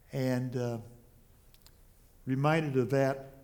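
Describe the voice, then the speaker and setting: A man preaching a sermon as a pastor, earnest and pausing often with small restarts. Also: mid-range voice, a little mellow.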